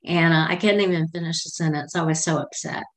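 Chatty middle-aged woman, slightly low voice. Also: steady tone, brisk. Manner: chatty, meandering, heartfelt. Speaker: podcast host. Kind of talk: casual personal storytelling.

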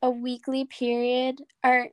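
A young woman co-hosting a podcast in casual chat, teasing, apologetic and quick to laugh. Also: high voice, completely flat delivery, smooth, no room sound, studio quality. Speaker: podcast co-host.

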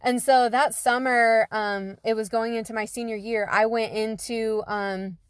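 A woman's voice: on the high side, steady tone, unhurried, smooth, no echo, clean studio sound. A young woman telling a personal story in a casual, conversational way, full of fillers like "you know". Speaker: guest telling her story.

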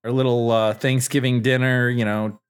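A man in casual chat, rambling in a relaxed way with many ums and likes. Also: medium pitch, moderate pace, smooth.

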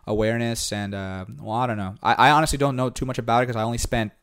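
Fast-talking Puerto Rican man, casual. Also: medium pitch, steady tone, fairly bright tone, clear, resonant tone. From born in New York, raised in Puerto Rico. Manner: switches between English and Spanish, many fillers, quotes others in raised voices. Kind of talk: casual bilingual chat.

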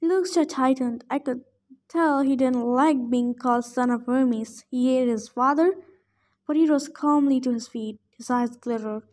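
High-voiced woman reading a novel aloud. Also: a little slow. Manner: expressive first-person narration. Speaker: audiobook reader.

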